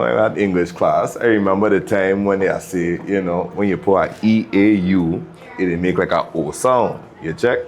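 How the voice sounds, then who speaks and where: A very low-pitched man with a Virgin Islands accent tells stories in a relaxed interview. He talks in an easy, unhurried way and keeps tagging his lines with quick check-ins to the listener. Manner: laid-back, tags lines with "you check?", laughs often. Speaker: DJ and music producer. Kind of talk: casual interview storytelling.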